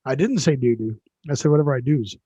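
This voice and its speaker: A man's voice: medium pitch, fast talker, dark tone, breathy edge, no room sound, muffled recording. A man hosting a casual podcast chat, joking and teasing his co-host over a video call.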